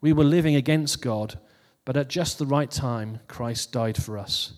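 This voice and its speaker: A man's voice: mid-range voice, a little slow, a little mellow, big-room sound. A man giving a casual New Year sermon who reads out funny posts and laughs at his own jokes before turning to scripture. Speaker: preacher.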